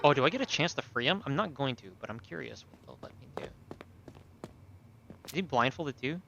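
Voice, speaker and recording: A man's voice: medium pitch, sing-song, very fast, creaky, sharp tone, slight background noise. A man giving casual, joking commentary over a story game, swearing and laughing at it. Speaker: let's play host. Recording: muffled lo-fi sound with game music.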